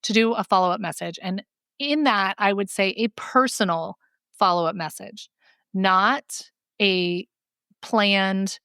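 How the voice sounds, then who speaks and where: Chatty woman on a podcast, medium pitch, dry close sound. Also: slow, creaky, clean tone, no echo. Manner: chatty, animated, self-deprecating. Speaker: podcast co-host. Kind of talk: casual chat.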